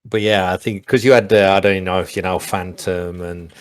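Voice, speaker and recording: Guest: man, very low voice, dry close sound, rambling casual anecdotes. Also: steady tone, normal speed, no room sound. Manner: rambling, many restarts and fillers. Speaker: interview guest, former pro gamer. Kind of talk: casual storytelling on a call.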